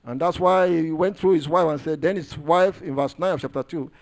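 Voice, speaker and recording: A man's voice: fairly high pitch, a little fast. A man preaching a sermon, emphatic and repetitive, stressing key phrases as he works through scripture. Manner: repeats phrases while working through scripture.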